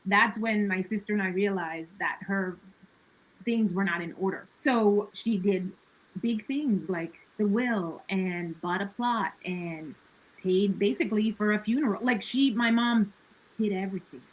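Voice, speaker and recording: A woman's voice: medium pitch, a little slow, low-quality recording. A woman talking as a podcast guest in a casual conversation. She is earnest and reflective, with many "like" and "you know" fillers and laughs between her thoughts.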